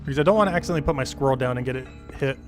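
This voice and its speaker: A man streaming a card game, thinking aloud about his moves and slowly reading out game text with many fillers. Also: medium pitch, faint music behind. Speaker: gaming streamer. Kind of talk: casual live-stream commentary.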